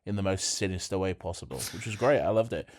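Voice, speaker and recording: A man co-hosting a podcast in casual, sardonic chat with deadpan jokes. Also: sits low, quick pace. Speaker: podcast co-host.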